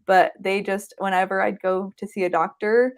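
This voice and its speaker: A woman's voice: mid-range voice, flat delivery, normal speed, clean tone. A woman hosting a casual live show, chatty and laughing often. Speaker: host.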